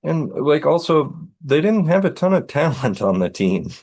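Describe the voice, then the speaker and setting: A man co-hosting a sports betting podcast, talking casually in a hesitant, agreeable way with halting restarts. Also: on the high side, sing-song, creaky, darkish tone. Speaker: podcast co-host.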